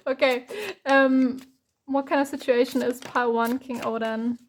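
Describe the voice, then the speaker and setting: High-voiced woman reading tarot. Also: flat delivery, moderate pace, darkish tone. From Germany. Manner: chatty and rambling, many fillers and restarts. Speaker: tarot reader. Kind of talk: rambling tarot reading to camera.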